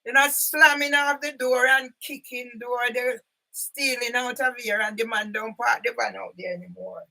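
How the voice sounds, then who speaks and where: An older woman speaking from home in an impassioned, rambling monologue to camera, at times breaking into loud outbursts. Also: a little high, steady tone, moderate pace, vocal fry. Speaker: vlogger. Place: sitting at home. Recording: voice a bit far from the mic.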